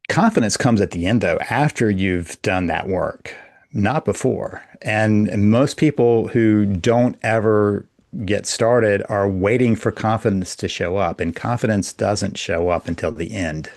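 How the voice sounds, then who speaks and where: A man who is a guest on a podcast, explaining his ideas in a measured way as a coach. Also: fairly low pitch, darkish tone, dry recording, clean studio sound. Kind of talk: podcast interview.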